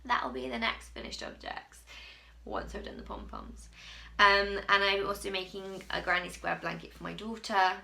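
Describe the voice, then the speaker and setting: A woman's voice: medium pitch, normal speed, gravelly, pushed and bright. A woman from England hosting a crochet podcast, chatting casually to camera from home in a rambling, self-mocking way.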